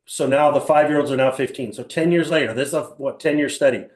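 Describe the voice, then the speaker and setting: Speaking quickly in a mid-range voice, an older seminar leader tells stories and questions his audience in a small room. The sound is reverberant. His motivational talk is animated, full of rhetorical questions and impressions of other people.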